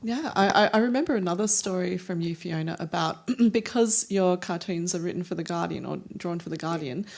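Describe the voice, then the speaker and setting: A woman with a low voice moderates a stage panel. She is conversational and draws out her guests with questions and prompts. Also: brisk, gravelly, hardly any pauses, darkish tone. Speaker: panel host and curator.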